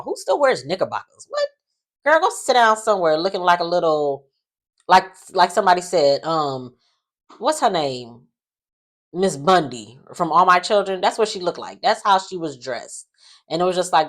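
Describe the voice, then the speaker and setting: A woman's voice: fairly low pitch, normal speed. A woman, casually recapping a soap opera in a chatty, sassy way with lots of fillers. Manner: chatty, animated, sassy asides with many fillers.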